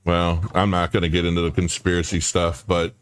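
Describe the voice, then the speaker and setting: A man's voice: low-pitched, completely flat delivery, a little fast, clear, resonant tone, dry recording. A man hosting a livestream, chatting casually and dropping joking asides over the event audio. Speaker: livestream host commenting. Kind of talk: casual live commentary.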